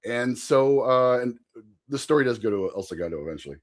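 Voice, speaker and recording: Lively man rambling through a funny story. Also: mid-range voice, fairly quick. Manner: animated, laughing, rambling anecdote. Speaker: podcast guest. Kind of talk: casual storytelling.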